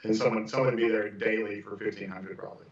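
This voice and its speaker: A man's voice: lowish voice, fairly even intonation, fast talker, a loud crowd. A man who teaches percussion, chatting casually on a podcast in a rambling way with lots of fillers. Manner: rambling, many "you know" fillers. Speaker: percussion instructor. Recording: echoey, distant, dull sound.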